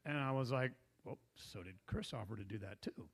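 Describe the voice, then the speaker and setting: A man's voice: on the low side, fairly quick, vocal fry, slightly rough. A man telling a long, digressive story at a meetup, laughing often and losing his thread. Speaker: guest investor. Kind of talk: casual storytelling. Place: meetup room.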